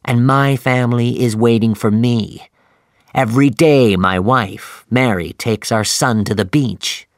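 A man reading aloud and voicing a calm, homesick first mate who speaks quietly and wistfully. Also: medium pitch, a little slow, no room sound, studio quality, lightly acted.

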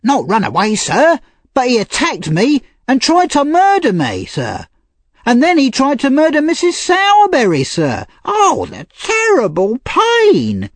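A man's voice: mid-range voice, very animated, unhurried, darkish tone, dry recording. A man voicing a whiny, cowardly teenage boy who pleads shrilly, for a storybook reading. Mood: whining.

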